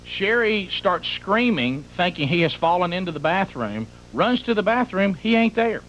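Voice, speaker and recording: A man's voice: high-pitched, sing-song, moderate pace. A middle-aged man, hosting a radio show and telling a comic story in a rambling, exaggerated way that piles up details. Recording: muffled broadcast with faint hum.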